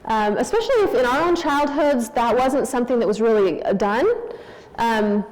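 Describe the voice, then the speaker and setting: A woman's voice: fairly high pitch, lively intonation, moderate pace, a little mellow. A woman in her forties giving a candid, anecdotal talk on parenting as a church speaker, in a church hall. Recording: long hall reverb.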